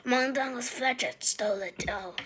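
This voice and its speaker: A woman voicing a bitter old male house elf servant, mostly in a hushed, croaking whisper. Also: on the high side, moderate pace, slight background noise, lightly acted. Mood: muttering.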